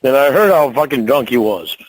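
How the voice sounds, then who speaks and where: A man's voice: mid-range voice, expressive, a little fast, low-quality recording. Swearing, rambling working man. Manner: profane, rambling, stumbling restarts. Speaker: truck driver. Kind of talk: heated domestic argument.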